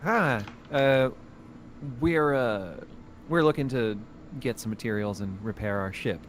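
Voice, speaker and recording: A man's voice: mid-range voice, unhurried, slight background noise. A man playing a tabletop game in character, speaking hesitantly with many fillers. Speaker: player.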